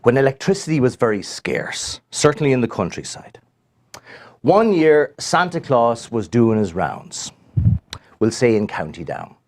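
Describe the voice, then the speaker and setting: A middle-aged man with a Northern Irish accent, telling a story casually, with animated delivery, hesitant restarts and drops to near whispers. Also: medium pitch, a little slow. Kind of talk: casual storytelling on a live show.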